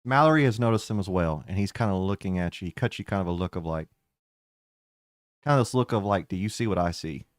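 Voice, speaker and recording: A man's voice: low-pitched, lively intonation, quick pace, no echo. A man running a tabletop game as game master, narrating in a playful, rambling way. His voice moves up and down a lot. The sound is dry and close to the mic.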